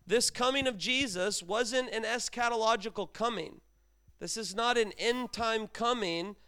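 A man's voice: sits high, unhurried, sharp tone, smooth. A middle-aged man preaching a sermon in a conversational way, acting out bits of dialogue and pushing his voice up for emphasis. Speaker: pastor.

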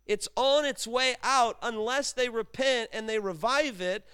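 A middle-aged man preaching in a casual, conversational way. His voice sits high and sounds clean and resonant. He often slips into acted-out dialogue and climbs higher to stress a point. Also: a little slow, bright, forceful tone, clean tone. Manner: conversational preaching, acts out dialogue, emphatic rises. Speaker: pastor. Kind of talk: sermon.

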